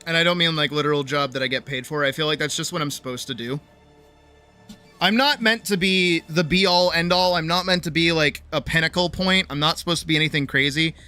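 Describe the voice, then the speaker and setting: A woman's voice: sits low, brisk, sharp tone, soft background music. A woman streamer giving a rambling, profane pep talk in casual livestream chat. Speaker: streamer and artist.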